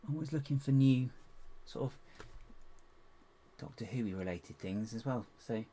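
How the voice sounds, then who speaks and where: A man with a medium-pitched voice talks at a measured pace, chatting casually on a live stream as he builds. He mutters to himself while searching for parts and pokes fun at himself. There's a steady hiss in the background, along with clicks.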